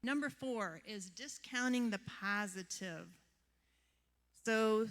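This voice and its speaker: A woman's voice: medium pitch, takes it slowly, long pauses, a bit bright. A woman therapist giving a seminar talk to a live audience, telling chatty stories and asking the room questions. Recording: long hall reverb.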